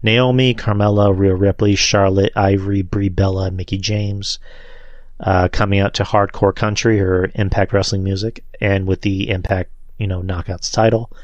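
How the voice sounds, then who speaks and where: Man, podcast host, very low voice, dry close sound, rambling, swears casually. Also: flat delivery, moderate pace, no echo, dull audio. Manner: loose, rambling, swears freely. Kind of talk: casual solo show review.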